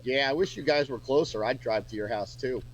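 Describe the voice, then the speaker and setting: A man's voice: medium pitch, fairly quick, low-quality recording. A man chatting casually as a musician guest on a radio show, rambling with lots of fillers and restarts.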